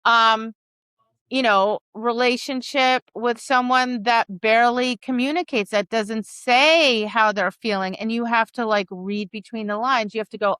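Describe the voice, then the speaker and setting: A woman dog trainer co-hosting a podcast, talking in an animated casual chat, often asking "right?" and acting out quoted lines. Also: on the high side, moderate pace, smooth, no room sound, studio quality. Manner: frequent "right?" and "like".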